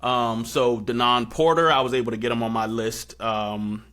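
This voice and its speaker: A young man hosting a podcast, casually telling a story and acting out quotes in excited high bursts. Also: normal speed, smooth. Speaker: podcast host.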